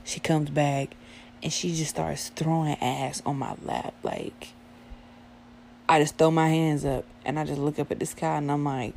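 A young woman with a fairly low voice spins a wild, profane story. She talks casually and acts out every quoted line with plenty of attitude. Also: fairly even intonation, measured pace, gravelly, a little mellow, slight background noise.

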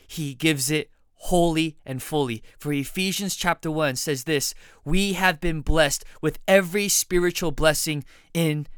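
A man's voice: a little high, clear, resonant tone, no echo. A man preaching a sermon, earnest and direct, putting questions to his listeners.

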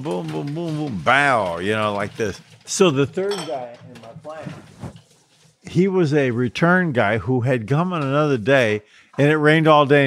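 A man casually telling a personal anecdote, vivid and lively, with frequent restarts. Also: medium pitch, slight background noise. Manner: animated, vivid storytelling with restarts. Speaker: storyteller.

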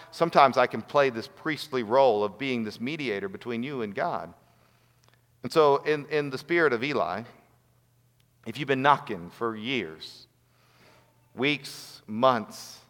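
A man's voice: medium pitch, fairly bright tone. A man giving a sermon as a pastor, earnest and storytelling. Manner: earnest, storytelling with acted quotes. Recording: long hall reverb.

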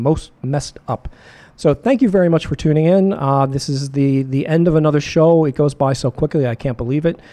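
Radio dj guy, mellow dark voice, rambly, lots of uhs, keeps hiccuping. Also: mid-range voice. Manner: rambling, self-correcting with many filler pauses. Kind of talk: casual radio show back-announcing.

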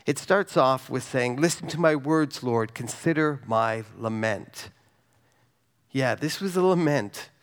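Guy preaching a sermon, mid pitch, chatty, keeps asking the room questions. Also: animated. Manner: conversational, asks the congregation questions; reads scripture slowly and softly.

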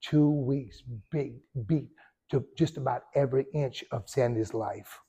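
A male pastor, preaching a sermon and telling a story with sudden loud surges and hushed drops. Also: medium pitch, unhurried, breathy edge.

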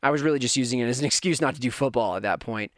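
Man in his thirties, from canada, casual storytelling, animated, dry close mic, mid pitch. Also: racing, no echo. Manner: animated, self-deprecating, conversational.

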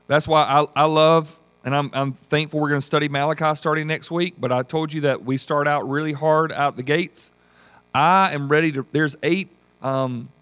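Man, pastor, animated bible study teaching, slightly higher voice, dry close sound. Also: dry recording. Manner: folksy, animated storytelling with acted voices. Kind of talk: teaching sermon with group discussion.

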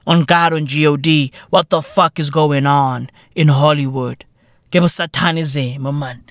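Man, South African accent, podcast host, solo rant, heavy swearing, slang, low mutters to shouts, dry close sound. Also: fairly even intonation, unhurried, no echo. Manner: heavy swearing, slang like "bruv", mixes in Sesotho phrases.

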